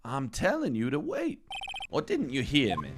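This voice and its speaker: A man voicing a sinister, smooth-talking older male police chief with a slow, deliberate Southern drawl. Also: medium pitch, big pitch swings. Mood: menacing. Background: game music.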